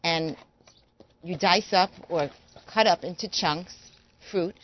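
A woman's voice: lowish voice, slow, lo-fi sound. A woman guest on a talk show, explaining kitchen gadgets in a brief, matter-of-fact way. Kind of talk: studio talk show interview.

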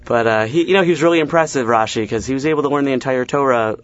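A young man at a middling pitch, trading jokes in a relaxed interview and breaking into little acted-out voices mid-story. He's self-deprecating and quick, tumbling from one bit to the next. The recording sounds a bit dull and lo-fi. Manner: quick joke-telling with acted-out asides and self-deprecating laughs. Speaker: comedian guest. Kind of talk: casual interview chat, telling stand-up bits.

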